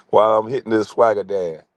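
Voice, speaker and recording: On a casual live stream, the host roasts people in a brash, mocking way, breaking into loud, high put-on voices. The recording is dry.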